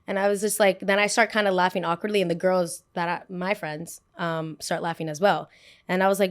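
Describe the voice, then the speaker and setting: Woman in her twenties, podcast host, animated storyteller who acts out quotes, mid-pitched. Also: brisk. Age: 20s.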